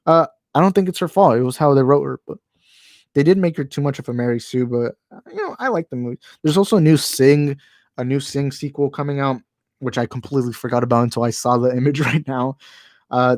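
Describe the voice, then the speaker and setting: A man hosting a casual live stream from home speaks into a handheld microphone in a middle-range voice. He rambles, trips over his words and restarts, and often apologizes for his opinions. The sound is dry and close, with no room echo. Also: medium pitch. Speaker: channel host. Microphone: handheld microphone moved closer while talking.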